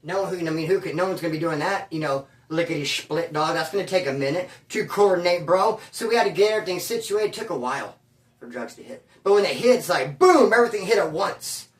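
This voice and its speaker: A former prisoner from California tells stories in a casual monologue, his fairly high voice fast and lively in intonation. Streetwise and slangy, he sprinkles in "bro" and "dude," and he's recorded a bit off-mic from a distance in an echoey room.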